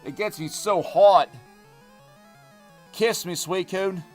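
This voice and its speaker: A man voicing an obsessed, lovestruck male game character in a slow, swooning, breathy way. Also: high-pitched, soft background music, pitched above the performer's own voice.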